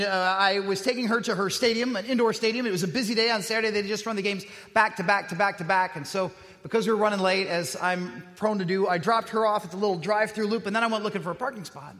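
High, bright-voiced pastor in an echoing hall. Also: male voice, fairly quick, hardly any pauses, soft background music. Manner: conversational, self-deprecating storytelling with rhetorical questions. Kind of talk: sermon with personal stories. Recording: echoey hall with long reverb.

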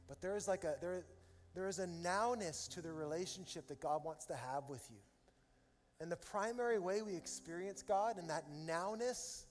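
A middle-aged man preaching a sermon as pastor, telling stories with animated energy that rises to loud emotional peaks. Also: on the high side. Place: large church hall with live audience. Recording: reverberant hall with soft music behind.

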